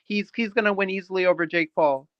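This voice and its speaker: A man calling in as a guest, earnest and halting, with many fillers. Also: high voice, dry recording, muffled recording. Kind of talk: casual call-in chat.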